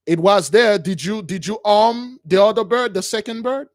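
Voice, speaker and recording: A man's voice: high-pitched, normal speed, no room sound, clean studio sound. A man hosting a call-in show, preaching emphatically and often calling listeners brothers. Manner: emphatic, repetitive, keeps addressing listeners as brothers. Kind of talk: preaching to callers.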